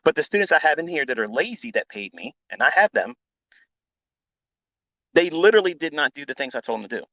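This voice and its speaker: A middle-aged man giving a blunt, profane, unscripted rant as a trading educator hosting a live audio chat, repeating himself and swinging into loud outbursts. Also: on the high side, very animated, fairly quick, long pauses, no echo, rough recording.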